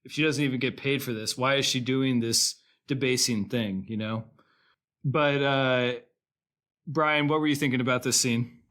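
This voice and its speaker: A man's voice: medium pitch, moderate pace. A man co-hosting a podcast, chatting casually about a movie, retelling scenes with animation and frequent laughter. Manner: animated storytelling, laughing often, acting out quotes. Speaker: podcast co-host. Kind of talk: casual film discussion.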